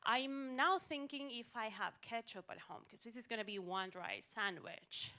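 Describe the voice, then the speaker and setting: A woman telling a funny personal story on stage at a live storytelling event, animated with wry timing, into a stage mic. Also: on the high side, moderate pace.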